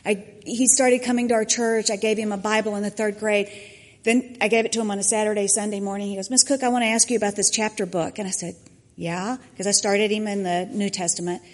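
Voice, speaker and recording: A woman's voice: medium pitch, fairly even intonation, brisk. A woman, a church mentor giving a personal testimony, acting out the quotes in her story. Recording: long hall reverb.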